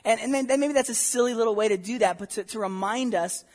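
A man's voice: high voice, fast, darkish tone. A man preaching a sermon as pastor, earnest and emphatic, posing rhetorical questions to his congregation.

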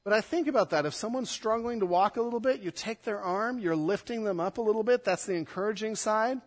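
A man, a pastor, preaching a sermon, swinging between loud emphatic stress and soft, hushed passages. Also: high voice, fairly quick, long reverb tail.

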